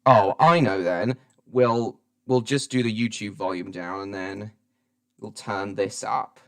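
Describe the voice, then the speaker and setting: A man giving rambling, self-deprecating live reaction commentary, with halting restarts. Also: fairly low pitch, steady tone, a bit bright, clean tone. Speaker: streamer.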